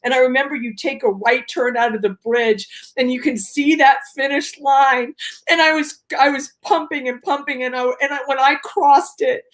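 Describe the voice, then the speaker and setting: A woman guest on a video-call talk show, telling her story in a lively way and acting out her own cries and quotes. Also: high voice, moderate pace. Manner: animated, acts out her own shouts and quotes. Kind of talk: casual storytelling interview.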